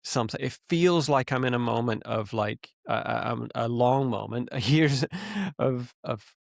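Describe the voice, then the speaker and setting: A man's voice: medium pitch, unhurried, vocal fry, no echo, studio quality. A man co-hosting a podcast, chatting casually and acting out his own frustrations as he tells stories. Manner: animated storyteller, acts out his own frustration. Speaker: podcast co-host. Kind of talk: casual conversation. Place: living in rural Canada.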